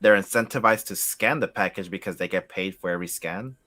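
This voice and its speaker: Male co-host, low voice, dry close mic, halting and searching for words. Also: pushed and bright, dry recording. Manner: hesitant, many fillers and restarts. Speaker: livestream co-host. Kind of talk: casual livestream chat.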